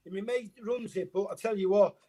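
An older man, a former footballer talking as a guest in casual chat, jokey and animated, often repeating his phrases. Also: sits high, fairly quick.

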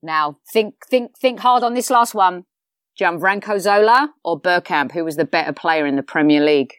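A woman hosting a casual chat, running a quick-fire quiz in a brisk, playful manner. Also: lowish voice, fairly bright tone, no echo, clean studio sound. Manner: brisk, playful, calls guest babe. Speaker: host.

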